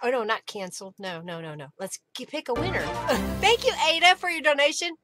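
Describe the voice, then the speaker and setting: A woman hosting a live craft stream, chatting casually, thanking viewers by name and often clearing her throat. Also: fairly high pitch, sing-song, fairly quick, music in the background.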